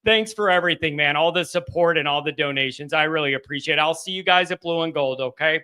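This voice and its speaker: Subdued, halting male call-in host. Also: fairly high pitch, bright, forceful tone, smooth. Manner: subdued, halting, with frequent restarts. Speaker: host of a live call-in fan show. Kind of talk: casual live-stream chat, reading donations.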